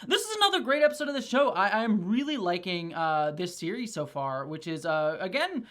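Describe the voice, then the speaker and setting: A woman hosting a casual review video, chatting in an animated way with frequent restarts and pitch swings. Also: a little fast. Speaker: video reviewer and channel host.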